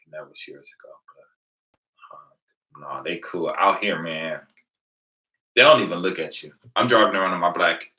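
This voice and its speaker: A man's voice: sits low, normal speed, pauses often, sharp tone, a little hiss or hum, poor audio. A man from the United States hosting a casual channel, chatting with viewers and telling stories, acting out the exchanges he quotes. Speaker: channel host.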